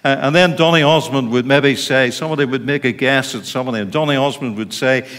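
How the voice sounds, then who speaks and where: A man's voice: mid-range voice, quick pace, a bit bright. A middle-aged man with a Northern Irish accent, a pastor preaching a sermon in an informal, chatty way, with asides to the congregation. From Northern Ireland. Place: church. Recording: reverberant church hall.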